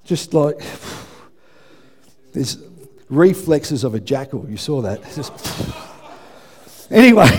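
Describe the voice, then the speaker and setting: A man preaching a sermon in a church, telling lively stories and acting out quotes with self-mocking asides. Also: a little high, slow pace, pauses often, slightly rough. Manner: animated storytelling, acts out shouted quotes, self-deprecating asides. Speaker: pastor. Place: church hall with congregation.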